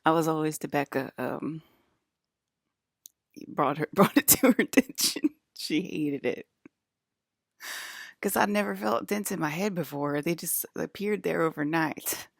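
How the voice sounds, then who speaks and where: A woman's voice: deep voice, measured pace, vocal fry, pauses often, dry recording, studio quality. A young woman streaming to her chat, rambling casually, giggling often and restarting her sentences with lots of fillers. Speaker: livestreamer talking to chat.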